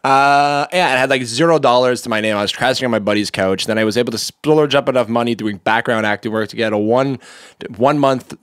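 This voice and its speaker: Young male comedian from Montreal, rapid-fire, manic storyteller, foul-mouthed, dry close mic. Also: a bit bright, clear, resonant tone, no room sound. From Montreal, Canada. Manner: high-energy, manic, swears freely, bursts into impressions. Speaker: stand-up comedian, podcast guest. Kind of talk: casual storytelling chat.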